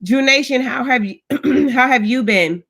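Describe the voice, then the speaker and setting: A woman's voice: sits high, unhurried, a bit bright. A woman in her thirties hosting a live stream, chatting casually and greeting viewers by name with frequent restarts. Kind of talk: casual livestream chat.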